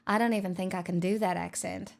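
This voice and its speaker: A woman's voice: on the low side, steady tone, fast talker, creaky. A young adult woman streaming, reading chat aloud in a playful, teasing casual chat.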